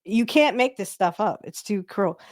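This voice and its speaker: A woman's voice: medium pitch, moderate pace. A young adult woman from the northern United States hosting a casual chat, talking freely and laughing often. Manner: laughs often, chatty and animated. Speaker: podcast host.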